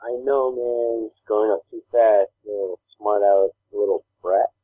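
A man's voice: on the low side, steady tone, moderate pace, no room sound. Rambling man on a tinny line. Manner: rambling storyteller, acts out voices. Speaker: podcast co-host. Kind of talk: casual chat. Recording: dry, phone-like narrow sound.

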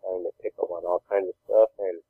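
A man's voice: low voice, fairly even intonation, a little fast, vocal fry, slightly rough, no echo. Guy co-hosting a podcast, chill storyteller, laughs a lot, phone-like dry sound. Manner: laid-back storytelling, laughs often. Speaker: podcast co-host. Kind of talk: casual chat.

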